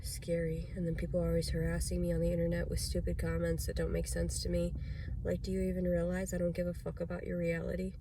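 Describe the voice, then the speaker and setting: A woman's voice: on the low side, completely flat delivery, quick pace, gravelly, noisy background. A woman talking straight to camera in a confessional vlog, rambling and agitated, swearing often. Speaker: vlogger.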